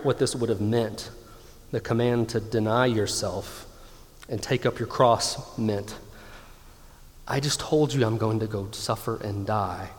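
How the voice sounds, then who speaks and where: A man in his thirties preaching a sermon with emphatic delivery, slowing down to stress key lines. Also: on the low side. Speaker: pastor. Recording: long hall reverb.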